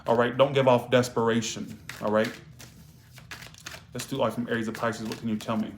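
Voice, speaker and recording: A man's voice: medium pitch, level tone, a little fast, a little hiss or hum. A man giving a casual live-streamed tarot reading, blunt and profane, scolding viewers and dropping "all right?" into his lines. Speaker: tarot reader.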